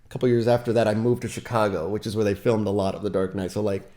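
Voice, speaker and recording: A man's voice: fairly low pitch, level tone, rapid-fire, warm tone. A man chatting as a podcast guest, rambling and correcting himself as he talks enthusiastically. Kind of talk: casual chat.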